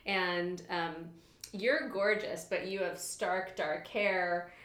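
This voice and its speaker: A woman's voice: fairly low pitch, steady tone, slow, a bit bright. A woman in her thirties hosting an interview, asking questions hesitantly with many fillers. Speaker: podcast host. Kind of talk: casual interview chat. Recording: echoey room.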